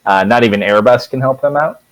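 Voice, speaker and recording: Chill guy dm-ing a tabletop game, mid pitch, rambly with lots of ums. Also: a little fast, rough recording. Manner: relaxed, rambling, filler-heavy. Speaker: dungeon master.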